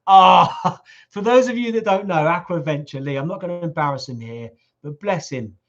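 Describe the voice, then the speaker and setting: Man, middle-aged, jokey chatty host, slightly hoarse, lo-fi stream audio. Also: high-pitched, animated, moderate pace, fairly bright tone. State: voice going hoarse. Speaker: livestream host reading viewer comments. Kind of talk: casual live Q&A chat. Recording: lo-fi livestream audio.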